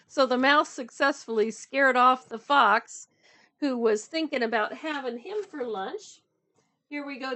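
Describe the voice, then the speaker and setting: A woman reading a picture book to children, with gentle, chatty asides to her young listeners. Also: high voice. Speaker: storyteller for children.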